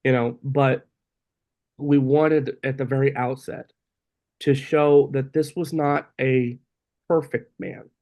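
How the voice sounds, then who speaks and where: A man, a podcast guest, telling stories in animated casual chat and often saying "you know". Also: medium pitch, slow pace. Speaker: guest, co-author of a book about his father. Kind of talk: casual interview storytelling.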